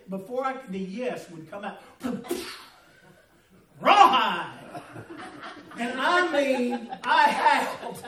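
Folksy Southern preacher, high voice. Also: male voice. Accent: Southern American. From American South. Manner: folksy storytelling, laughing through the tale. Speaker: pastor. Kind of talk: sermon with a personal story. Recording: echoey, from a distance.

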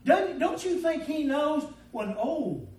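A man preaching a sermon in a folksy, storytelling way. His voice sits unusually high for a man and rises and drops sharply in loudness. He is recorded from some distance, and the room echoes around him. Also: normal speed. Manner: folksy storytelling, swings between loud and quiet.

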